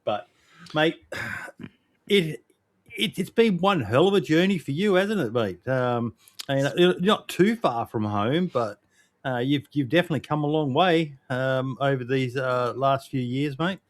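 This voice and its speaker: A man with an Australian accent hosts a relaxed interview. He is chummy and playful with his guest and keeps the chat loose. His voice sits at an ordinary middle pitch. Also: measured pace. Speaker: podcast host.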